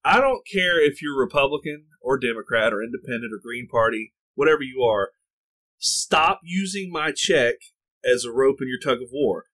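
A man co-hosts a podcast in casual conversation, ranting and laughing often. His mid-range voice has lively intonation and a fairly bright tone, delivered at a moderate pace.

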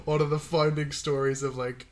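A man's voice: fairly high pitch, level tone, normal speed, over a noisy crowd. A man in casual chat who jokes, swears freely and laughs often while talking over a film. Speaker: podcast co-host.

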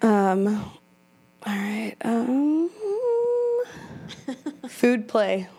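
A woman's voice: fairly high pitch, drawn-out words, vocal fry, warm tone, slightly rough, rough recording. A woman hosting a casual group chat, teasing her guests and laughing often while she swears freely. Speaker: podcast host.

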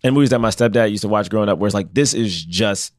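A man co-hosting a podcast, talking excitably in slangy casual chat and acting out movie lines. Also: lowish voice, fast talker, no echo, studio quality. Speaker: podcast co-host.

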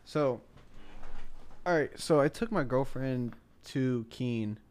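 A man's voice: medium pitch, slow pace, a little mellow, clean tone. Young guy from the states on a podcast, rambly, says like a ton, just chatting. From United States. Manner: rambling, repeats himself, heavy use of "like". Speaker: podcast co-host. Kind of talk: casual chat, storytelling.

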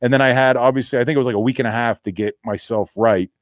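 A man's voice: medium pitch, steady tone, rapid-fire, no echo, studio quality. A middle-aged man, a former football player, telling a story in a casual interview and acting out the voices he quotes.

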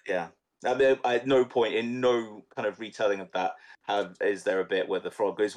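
A man's voice: lowish voice, moderate pace. A man co-hosting a casual film podcast, retelling a fable in a loose, sweary way with repeated words. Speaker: podcast co-host.

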